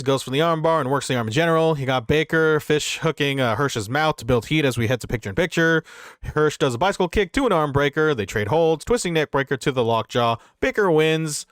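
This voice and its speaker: A man's voice: fairly high pitch, no echo, studio quality. Rambling profane man recapping wrestling. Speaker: podcast co-host. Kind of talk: casual wrestling review chat.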